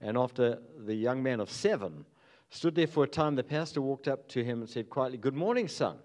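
A man leading a church sermon as its pastor, telling stories in a relaxed, chuckling way. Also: medium pitch, a little fast. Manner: easygoing, chuckling storyteller. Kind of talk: sermon with opening jokes.

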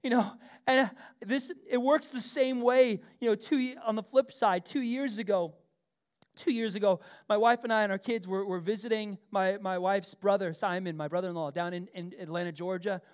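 A middle-aged man preaching a sermon, swinging between loud emphasis and soft, conversational asides, often repeating himself as he goes. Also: high voice, steady tone, moderate pace, clean tone. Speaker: pastor.

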